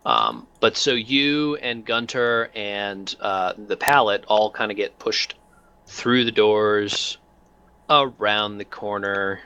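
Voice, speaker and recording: Game master, male, lower pitch, bright tone, halting and full of fillers. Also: vocal fry, clear, resonant tone, lo-fi sound. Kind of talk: narrating a tabletop game.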